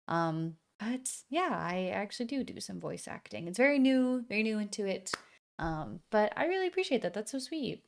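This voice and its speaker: A woman's voice: medium pitch, vocal fry. A woman streaming a video game, chatting casually and bursting into panicked repeated exclamations. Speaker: gaming streamer. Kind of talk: casual live-stream commentary. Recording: game music playing under voice. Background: video game music.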